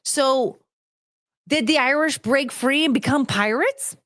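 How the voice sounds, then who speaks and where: A woman hosting a casual podcast, rambling and thinking out loud with lots of questions. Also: high-pitched, slow pace, dry recording. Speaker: podcast host.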